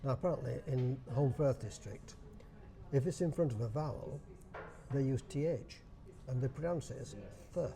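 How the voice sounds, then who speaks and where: A man from Bradford with a Yorkshire accent, chatting casually as a dialect society chairman, pausing often to search for words. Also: mid-range voice, vocal fry, mellow. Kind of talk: casual chat. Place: restaurant in a casino. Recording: busy room with crowd noise. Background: crowd chatter.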